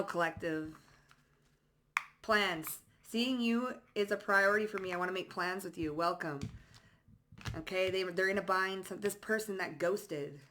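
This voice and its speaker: A woman with a somewhat low voice talks through a tarot reading in a loose, casual way. She is blunt and sassy and swears freely. She reads out card phrases in short bursts. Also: a bit bright. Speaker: psychic tarot reader.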